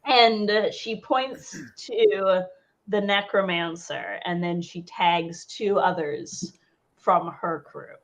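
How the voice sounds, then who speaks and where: A woman's voice: on the low side, steady tone, slow pace. Woman game master narrating a tabletop game.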